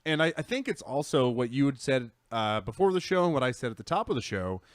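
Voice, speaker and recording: A man's voice: mid-range voice, sing-song, brisk, no room sound, studio quality. Rambling casual man on a live podcast. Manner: rambling, self-correcting, enthusiastic. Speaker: podcast co-host. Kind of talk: casual chat.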